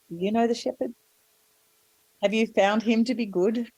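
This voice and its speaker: A woman preaching a sermon and telling stories gently, with warm asides to the congregation. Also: fairly high pitch, steady tone, normal speed, long pauses, slightly rough, dry recording, rough recording.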